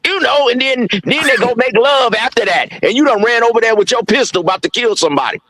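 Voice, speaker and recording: A man's voice: extremely high pitch, animated, quick pace, pushed and bright. A man in his fifties co-hosting a podcast, talking bluntly and crudely in street slang, rambling through his point. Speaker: podcast co-host. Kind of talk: casual debate.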